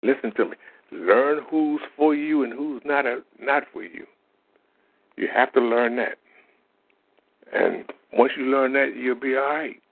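A man's voice: mid-range voice, unhurried, creaky, long pauses. A man, telling faith-healing stories in a plain-spoken, folksy way as a lay minister. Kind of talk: informal testimony monologue. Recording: tinny phone-like audio.

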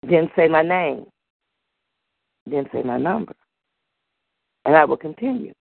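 A woman voicing a teasing, commanding male lover, speaking slow and low over a phone line. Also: expressive, gravelly, dry recording, heavily acted.

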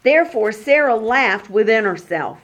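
A woman's voice: fairly high pitch, normal speed. A woman leading a Bible study, reading scripture aloud and then explaining it in casual talk, acting out the quoted speakers. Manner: acts out the quoted speakers in lively voices.

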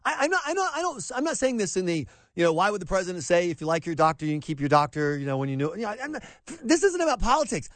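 Man, talk radio host, high voice, swooping pitch, excitable, stammering. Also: quick pace, few pauses, no room sound. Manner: excitable, exasperated, stammering restarts.

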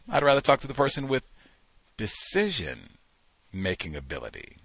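A man's voice: mid-range voice, huge pitch swings, a little slow, pushed and bright, no room sound. A man hosting a talk show, giving incredulous, mocking commentary and acting out the people he quotes. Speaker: host.

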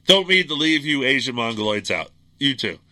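Angry, bright-voiced talk radio man. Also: medium pitch, very animated, moderate pace. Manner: angry ranting, blunt and combative. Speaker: radio show host. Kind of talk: political talk radio monologue.

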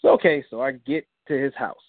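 A man's voice: fairly quick, no room sound. A young man, the guest, earnestly telling a personal story in an interview and acting out the dialogue he recalls. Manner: earnest, acts out quoted dialogue with rising pitch. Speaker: guest, comic book creator. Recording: dry phone-line call-in audio.

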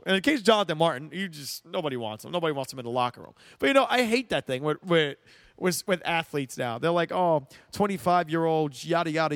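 A man's voice: high voice, fairly bright tone, no room sound, clean studio sound. A young man hosting a casual solo sports show, ranting emphatically and laughing often.

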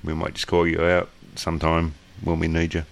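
A man's voice: sits low, completely flat delivery, a little fast, gravelly. An Australian man co-hosting a podcast, chatting casually and joking with loose, profane talk over a remote call mic. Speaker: podcast co-host. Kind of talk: casual chat.

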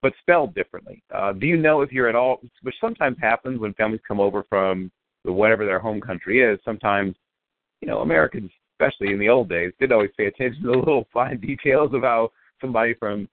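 A man's voice: on the low side, fast. A male radio host interviewing football prospects, asking long, winding questions that restart often. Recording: phone-line call.

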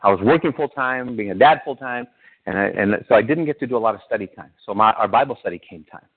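A man's voice: fairly low pitch, lively intonation, fast, slightly rough. A male pastor, preaching to his congregation in a conversational way and throwing questions at them. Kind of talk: sermon. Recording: tinny phone-like sound.

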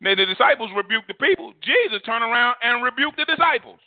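A man preaching a sermon, emphatic and repetitive, swinging between loud and soft. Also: very high-pitched, animated, quick pace, no room sound. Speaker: pastor. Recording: dry phone-like audio.

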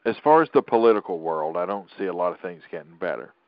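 A man's voice: low-pitched, very animated, quick pace, no room sound, lo-fi sound. A middle-aged man hosting a political podcast, talking in an opinionated, rambling way with frequent restarts. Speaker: podcast host.

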